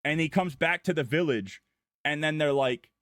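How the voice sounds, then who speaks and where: A man's voice: a little high, normal speed, a bit bright, no room sound, studio quality. A man streaming as a vtuber, goofily recapping a story in long run-on sentences. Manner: goofy, irreverent, breathless run-on storytelling. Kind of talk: casual rambling plot recap.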